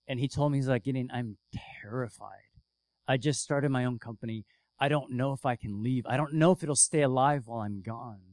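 A man preaching a sermon as pastor, telling a story with lively swings from hushed to loud. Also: mid-range voice, no echo.

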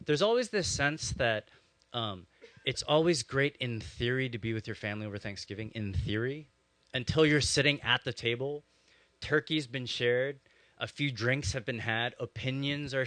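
Casual, animated young male pastor preaching. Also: medium pitch, no echo. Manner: conversational, animated storytelling with frequent "um" and "like". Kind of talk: sermon with personal storytelling.

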